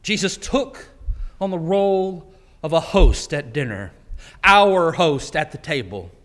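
A man preaching a sermon in a church, telling the story with animated delivery and acting out the quotes. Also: a little high, takes it slowly. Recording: long hall reverb.

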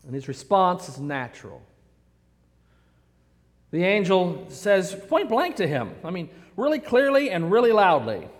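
Playful male preacher, high voice, jokey asides, echoey church hall. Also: big pitch swings, measured pace. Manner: playful, acts out the characters. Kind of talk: sermon with humorous asides.

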